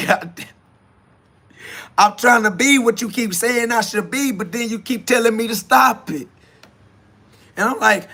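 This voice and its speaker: A man with a high, bright voice hosts his own podcast in a freewheeling spiritual monologue. He rambles in a conversational way, keeps saying "you feel me," and laughs often. His voice swings between loud bursts and hushed stretches. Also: measured pace, long pauses, slightly rough. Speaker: podcast host.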